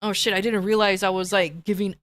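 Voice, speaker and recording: A woman's voice: medium pitch, brisk, no room sound. A woman streamer casually telling a long personal story, rambling with frequent restarts and voicing the people she quotes. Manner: animated when quoting others.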